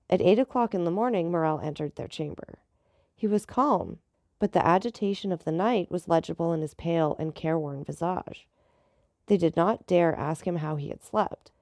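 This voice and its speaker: A woman narrating a classic novel in a measured storybook reading, giving the dialogue light voices. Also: lowish voice, vocal fry, mellow, no room sound, studio quality. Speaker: audiobook narrator.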